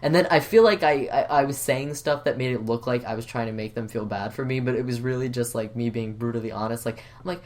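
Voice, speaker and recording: A man's voice: mid-range voice, fast talker, few pauses. A man co-hosting a casual podcast, earnest and apologetic, often stammering and restarting his sentences. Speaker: podcast co-host.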